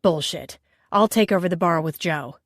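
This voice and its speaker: A woman voicing a cranky, hot-tempered man who speaks loud, slow and with heavy emphasis. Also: fairly low pitch, dry recording, studio quality, close to an everyday voice. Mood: angry.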